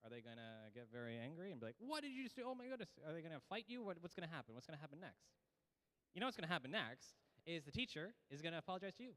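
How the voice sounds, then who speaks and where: A man's voice: a little high, animated, racing, sharp tone, big-room sound. A man giving a casual, joking orientation talk to new students as the college's academic integrity officer. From Canada. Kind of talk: orientation presentation.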